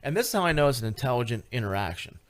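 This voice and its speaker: Radio guest, a man telling a ghost-hunt story, animated and halting, average pitch. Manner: animated, lots of fillers and restarts, rising excitement. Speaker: paranormal investigator guest. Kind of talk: casual radio interview storytelling.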